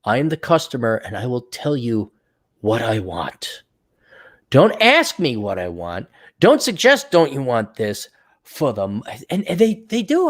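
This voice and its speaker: Sarcastic man ranting on a livestream. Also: on the high side. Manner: mocking mimicry of others. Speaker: show host. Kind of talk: livestream rant.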